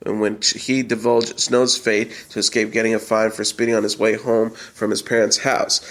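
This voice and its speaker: A man hosting an entertainment news show, reading the stories in a steady, scripted newsreader style. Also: medium pitch. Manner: steady, even newsreader delivery. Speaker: news host.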